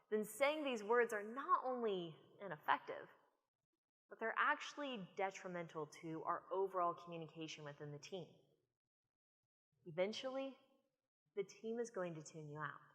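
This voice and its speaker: American woman doing a conference keynote, bright forceful voice, big hall reverb. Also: medium pitch, moderate pace. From United States. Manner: animated storytelling speaker. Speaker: conference speaker.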